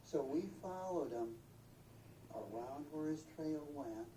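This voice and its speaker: Older folksy storyteller, animated delivery. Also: mid-range voice, takes it slowly. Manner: animated, acts out voices and sounds. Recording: roomy, distant mic, faint noise.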